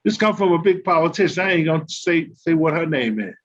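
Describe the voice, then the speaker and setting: A man's voice: on the high side, expressive, brisk. An older man from New Jersey, a former pro basketball player and coach, telling his grievances as a guest in an emphatic, repetitive, aggrieved way. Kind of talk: heated guest monologue. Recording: dull lo-fi call audio.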